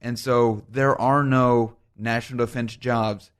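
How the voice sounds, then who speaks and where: A man talking as a guest on a podcast in a measured, reflective way during a casual political discussion. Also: mid-range voice, fairly even intonation, clean tone.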